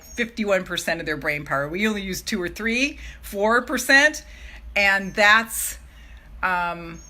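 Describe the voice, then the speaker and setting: A middle-aged woman giving a motivational self-love talk to a live audience, emphatic, swinging from hushed asides to loud exclamations and swearing freely. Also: medium pitch. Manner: swears freely, laughs between phrases.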